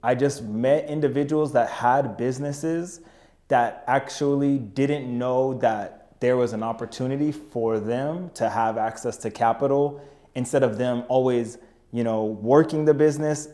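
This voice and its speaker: A man's voice: mid-range voice, measured pace, dark tone. Young man, casual storytelling, slangy and laid-back, mid-range voice. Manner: laid-back, slangy, keeps saying "you know what I mean". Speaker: podcast guest, business owner.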